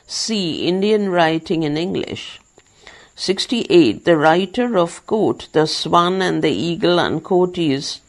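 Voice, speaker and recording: A reader recording a study book for blind listeners, calmly reading quiz questions and answers aloud in dictation style, speaking punctuation marks and spelling out some words letter by letter. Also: medium pitch, rough recording.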